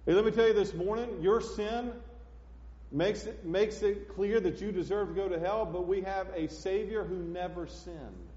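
A man preaching a sermon as pastor, emphatic, swinging between loud declarations and hushed asides. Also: high voice, normal speed. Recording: echoey hall, dull lo-fi sound.

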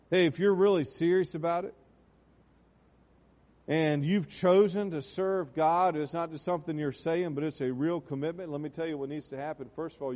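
A middle-aged man preaching a sermon in a church, emphatic, swinging from loud exhortations to quiet asides. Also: fairly high pitch. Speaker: pastor. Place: church sanctuary. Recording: dull, reverberant church hall recording.

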